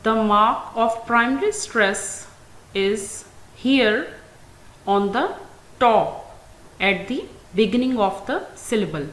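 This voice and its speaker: A woman with a Pakistani English accent, teaching an English class, speaking very slowly and deliberately and stressing each example word. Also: medium pitch, a bit bright. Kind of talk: classroom lecture. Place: school classroom. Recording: echoey room, faint ambient noise.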